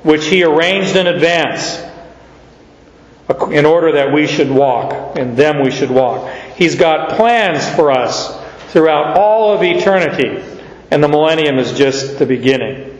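Male pastor, slow emphatic Bible teacher, slightly high voice, lo-fi echoey church hall recording. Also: lively intonation. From Canada. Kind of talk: verse-by-verse Bible teaching sermon. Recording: echoey hall, dull lo-fi sound.

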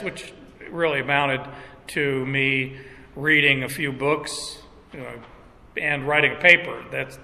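A middle-aged male pastor preaching in an unhurried, halting way, often restarting his phrases. His voice is very bright and a bit high, and it rings out with a long hall reverb. He sounds like he's in a church sanctuary. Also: steady tone. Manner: slow, halting, with restarts and chuckles. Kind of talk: sermon.

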